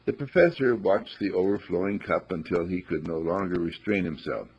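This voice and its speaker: Gravelly, husky man telling spiritual parables. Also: sits low, normal speed, few pauses. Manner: soft-spoken storyteller, voices characters in quotes. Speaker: spiritual teacher. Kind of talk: reflective spiritual talk with told stories. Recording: dull lo-fi recording.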